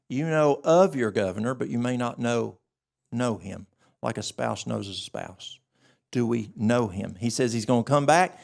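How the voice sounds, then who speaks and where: Gravelly man telling a story at a church workshop. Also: medium pitch. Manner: animated storytelling, acts out dialogue. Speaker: health workshop presenter. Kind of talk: church health talk.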